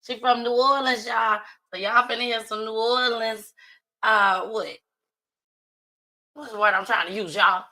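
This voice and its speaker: A woman hosting a casual livestream talk show, playful and slangy, often laughing and talking loudly. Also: fairly high pitch, steady tone, a little slow, pauses often, low-quality recording. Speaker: host.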